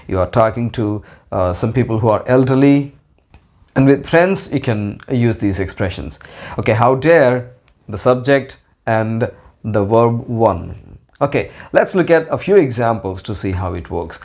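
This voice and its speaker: A man teaching an English lesson. He speaks carefully, repeats each example sentence slowly for learners, and makes small grammar slips. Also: medium pitch, darkish tone. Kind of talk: slow explanatory lesson.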